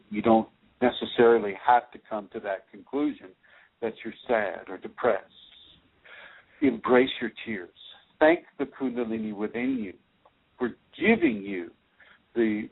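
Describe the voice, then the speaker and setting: Gravelly man teaching over a phone line. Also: medium pitch, very animated. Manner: slow, repetitive, soothing reassurance with many restarts. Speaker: spiritual teacher, radio host. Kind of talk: radio call-in spiritual advice.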